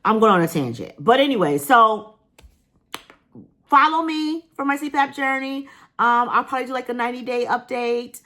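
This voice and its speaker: A woman's voice: fairly high pitch, lively intonation, normal speed, bright, forceful tone. Earnest, emotional woman vlogging. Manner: earnest, emotional, rambling with many fillers. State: emotional, near tears. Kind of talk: casual vlog talk to viewers.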